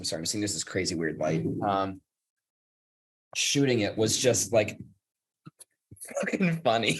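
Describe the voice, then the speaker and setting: Chill actor guy, lowish voice, laughing through stories on a video call. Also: fairly bright tone.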